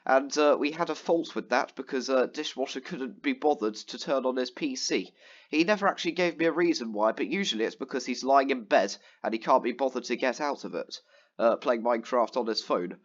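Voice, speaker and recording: A man's voice: medium pitch, brisk, dull audio. A man telling a long, exasperated story about a gaming friend, with lots of ums and restarts. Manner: rambling, exasperated storytelling with many fillers. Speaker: gaming vlogger. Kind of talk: casual ranting commentary over gameplay.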